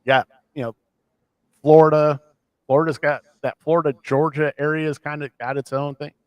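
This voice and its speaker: A man's voice: fairly high pitch, moderate pace, clear, resonant tone, dry recording, dull audio. A man from the American Midwest co-hosting a podcast, rambling casually and poking fun at himself. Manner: rambling, self-deprecating, animated. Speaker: podcast co-host. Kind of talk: casual chat.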